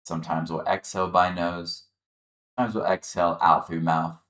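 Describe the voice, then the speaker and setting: A man leading a chair yoga class, calmly guiding the listener through breathing and gentle movement. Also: low-pitched, normal speed, reverberant. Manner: calm, encouraging, guiding the breath step by step. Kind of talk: guided exercise instruction.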